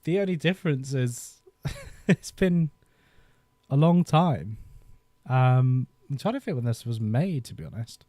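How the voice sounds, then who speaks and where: A man's voice: mid-range voice, expressive, measured pace, dark tone, no room sound. A man in his thirties chatting casually on a live stream, rambling and nostalgic, often laughing as he talks into a desk microphone. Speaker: YouTube host.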